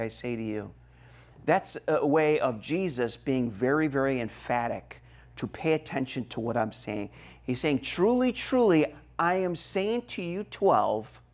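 A middle-aged man preaching a sermon as a pastor, reading scripture and explaining it emphatically, his voice rising and dropping sharply. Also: fairly high pitch. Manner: emphatic preaching with wide swings in loudness.

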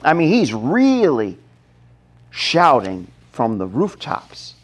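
Slow, animated preacher, a man. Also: medium pitch. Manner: dramatic, acts out the scene, shifts from hushed to shouting. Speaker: pastor. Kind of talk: sermon.

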